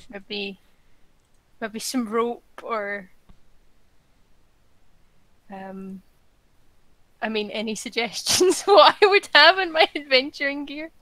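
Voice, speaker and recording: Bright-voiced young woman playing a tabletop game. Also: mid-range voice, no echo, poor audio. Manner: hesitant, many fillers and laughs. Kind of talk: casual play, describing her character.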